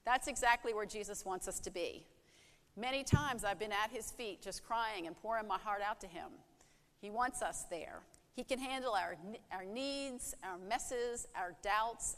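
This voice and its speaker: A woman's voice: medium pitch, moderate pace, fairly bright tone, in a large hall. A woman preaching a sermon in an earnest way, asking rhetorical questions and acting out heartfelt prayers.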